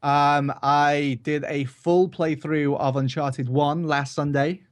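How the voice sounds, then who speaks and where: A man who streams, chatting casually about games in a relaxed, rambling, joking way. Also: a little high, slow pace. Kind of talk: casual chat.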